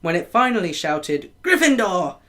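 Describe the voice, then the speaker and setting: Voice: medium pitch, animated, normal speed, a bit bright. A reader reading a novel chapter aloud casually, now and then stumbling and correcting a word.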